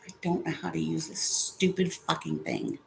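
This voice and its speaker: A woman's voice: low-pitched, wildly swooping pitch, normal speed, creaky, darkish tone, slight background noise. A woman vlogging casually at home, chatty and sarcastic, swearing when something frustrates her. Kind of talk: casual vlog chat. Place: home room with a fan.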